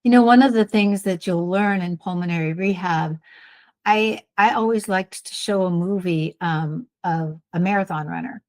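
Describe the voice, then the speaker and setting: Encouraging woman podcast co-host, low voice. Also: normal speed, no room sound. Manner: warm coaching, encouraging, plain-spoken. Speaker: podcast co-host, respiratory therapist. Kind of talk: casual advice chat.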